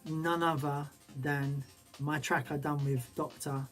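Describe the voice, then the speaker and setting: A man's voice: on the high side, flat delivery, slow pace, soft background music. Upbeat man DJ signing off. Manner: upbeat, chatty, loose and slangy. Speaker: DJ and show host. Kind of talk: casual livestream chat.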